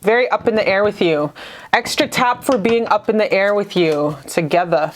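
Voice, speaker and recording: A woman's voice: mid-range voice, lively intonation, normal speed. A woman giving a casual tarot reading to camera, gushing and affectionate, full of profanity and slang. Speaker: tarot reader.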